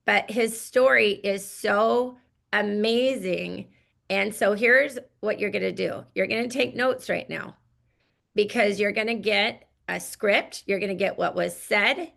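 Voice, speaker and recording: Woman host, enthusiastic motivational caller, bright voice with heavy vocal fry. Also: medium pitch, unhurried. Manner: enthusiastic, effusive. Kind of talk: motivational business call.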